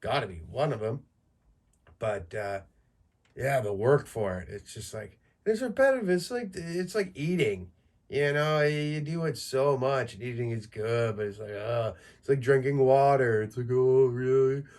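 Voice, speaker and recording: A man's voice: mid-range voice, lively intonation, normal speed, a little mellow. A man in his thirties hosting a solo podcast, talking in a crude, rambling, joking way full of fillers. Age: 30s. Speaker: podcast host. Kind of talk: solo casual monologue.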